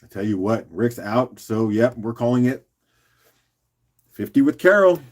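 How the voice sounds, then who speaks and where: A man's voice: medium pitch, lively intonation. Easygoing guy auctioning rocks on a live stream, chatty, jokes around, calls out viewers by name, mid-range voice. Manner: chatty and joking, often laughing and talking to viewers by name; loose and unhurried, with fillers and restarts while doing other tasks.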